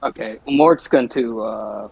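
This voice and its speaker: A man playing a tabletop game, calmly describing what his character does. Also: lowish voice, slow pace, vocal fry, husky, lo-fi sound. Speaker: player.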